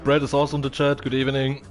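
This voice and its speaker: A man chats his way through a racing stream, halting and filling pauses with "uh". His voice sits at a middling pitch. Music runs faintly behind him. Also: little pitch movement, gravelly. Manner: hesitant, full of fillers, laughs often. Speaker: race stream commentator. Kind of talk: casual live commentary.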